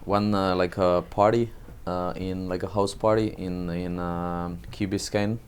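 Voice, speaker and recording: Smooth-voiced hesitant man. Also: deep voice, little pitch movement, a little slow. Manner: hesitant, many fillers. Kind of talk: casual chat.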